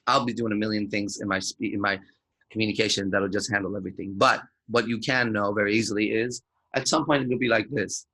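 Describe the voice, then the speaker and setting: A man's voice: on the low side, steady tone, fast talker, bright, forceful tone. A man giving an unscripted lecture as a dating coach, talking in a swaggering, profane, emphatic way.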